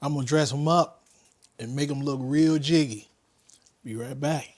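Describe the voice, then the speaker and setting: A man, chatting excitedly to viewers while barbecuing wings outdoors in the cold. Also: mid-range voice, normal speed, no room sound. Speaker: home barbecue cook. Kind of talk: casual cooking vlog. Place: outdoors by a smoker in winter.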